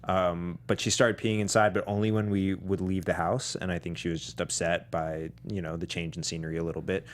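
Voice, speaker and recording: A man co-hosting a movie podcast, telling stories in a relaxed way with dry quips. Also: sits low, fairly quick. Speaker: podcast co-host. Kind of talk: casual movie chat.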